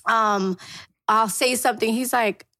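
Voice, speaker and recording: A woman who is a guest mentor in a casual podcast conversation, telling stories in an animated way and acting out bits of dialogue. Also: a little high, measured pace, no echo, studio quality.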